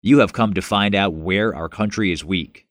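A man's voice: low voice, moderate pace, dry recording, studio quality, natural voice. A man reading the part of a stern governor who speaks harshly and accuses, in a Bible story reading.

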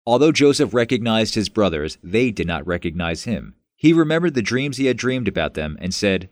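A man narrating a Bible story in a measured, plain reading. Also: lowish voice, big pitch swings, dry recording, studio quality.

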